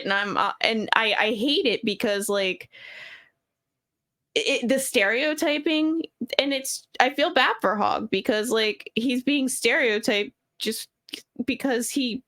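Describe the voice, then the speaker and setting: A woman's voice: a little high, slow, fairly bright tone. A woman from Dundalk with a Baltimore accent, co-hosting a casual podcast and rambling with many fillers. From Dundalk, Maryland, US. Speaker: podcast co-host. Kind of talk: casual chat.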